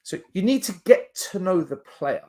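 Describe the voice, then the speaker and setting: A man co-hosting a casual football podcast, explaining his points step by step with lively emphasis. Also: high voice, normal speed. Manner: animated, explains in numbered points. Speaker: podcast co-host.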